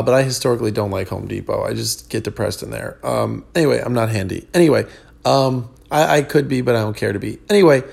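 A man's voice: medium pitch, creaky. A tired male comedian hosting his own podcast, rambling in casual chat with many ums and restarts.

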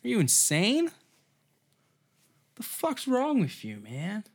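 A man doing a furious doctor who can't believe he's been refused, his voice jumping way up high as he rants. He sounds loud and wounded, firing off indignant questions one after another. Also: wildly swooping pitch, takes it slowly, slightly rough, full character voice. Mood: outraged. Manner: outraged, ranting, shouty. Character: indignant man, a doctor turned away at a shop.

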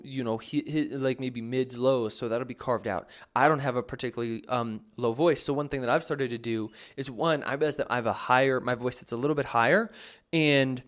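Male producer, mid-pitched, casual Q&A host, rambling delivery with lots of fillers. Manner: rambling, many fillers and restarts. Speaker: music producer answering viewer questions. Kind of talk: casual advice talk.

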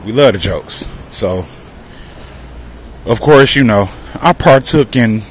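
A man with a Southern American accent rants through a casual podcast monologue, pitch jumping high when he gets worked up. He's outdoors on foot beside traffic, recording on his phone, with faint street noise and passing cars behind him. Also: animated, slow, pauses often, rough recording. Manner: emphatic, repetitive, heated rhetorical questions. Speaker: podcast host. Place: outdoors walking near traffic.

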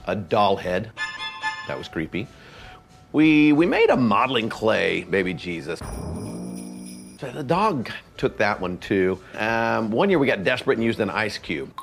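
A man plays a goofy, earnest dad who rambles on without catching the point. His low voice swings widely up and down, and soft music plays underneath. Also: sing-song, normal speed, gravelly, long pauses. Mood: oblivious. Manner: earnest and oblivious, rambling with fillers. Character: goofy cheerful dad with a levitating star topper. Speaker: actor in a church skit. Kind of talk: comedic skit acting.

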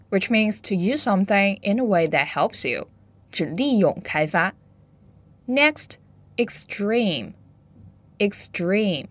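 A woman hosting a bilingual English lesson, upbeat, drilling words slowly and carefully. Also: mid-range voice. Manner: upbeat, switches between Chinese and English, slow careful pronunciation drills. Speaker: English teacher and host.

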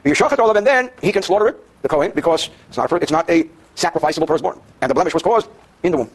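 Male teacher, high voice, husky, very fast talker, reads Hebrew then explains with jokes. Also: animated. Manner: addresses students in the room. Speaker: Torah teacher. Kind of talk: daily Jewish law class.

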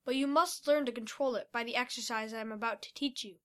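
A calm, tired mentor man, as a woman reads him, speaking in a slightly lowered, quiet voice. He sounds steady and instructive in a storybook reading. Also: fast, close to an everyday voice.

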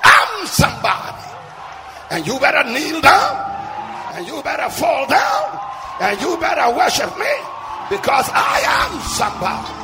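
A man voicing a commanding God figure, shouting emphatic orders. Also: very high voice, wildly swooping pitch, measured pace, crowd noise, voice pushed up, exaggerated voice. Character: commanding God, booming and insistent.

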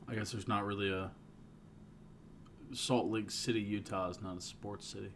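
A low-pitched man talking casually as a podcast co-host. He runs on, restarts his sentences and circles back to his points. A faint hum of room ambience sits behind him. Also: steady tone, moderate pace, a bit bright. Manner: talkative, repeats himself when starting a thought. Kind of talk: casual chat.

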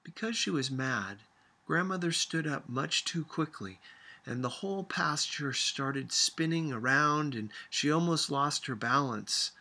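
A man reading a novel aloud for a class, unhurried and measured. His voice is bright and a little breathy, with lively rises and falls in pitch as he tells the story. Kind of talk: audiobook-style reading aloud.

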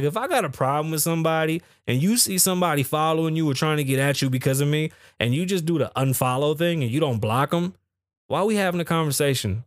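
A man hosting a solo livestream podcast, talking in an animated, profane way that swings between loud bursts and low mutters. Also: no room sound, clean studio sound. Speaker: podcast host. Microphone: studio microphone.

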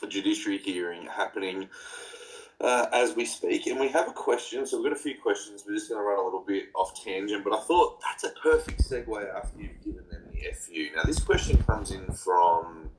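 A man's voice: fairly low pitch, lively intonation, fairly quick, poor audio. A man hosting a podcast, chatting in a blunt, laid-back way with swearing and banter. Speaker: podcast host. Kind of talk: casual podcast chat.

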